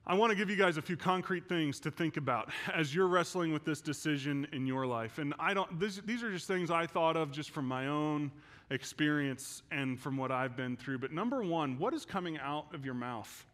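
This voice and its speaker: A male pastor preaching in a church, telling a personal story and moving from hushed, quiet passages to loud, intense ones. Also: on the high side, normal speed. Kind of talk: sermon.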